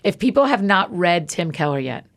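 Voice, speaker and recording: Lady podcast host, a bit low voice, chatty, lots of yeahs and encouragement. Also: big pitch swings, moderate pace. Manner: chatty, encouraging with frequent affirmations. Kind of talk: casual interview.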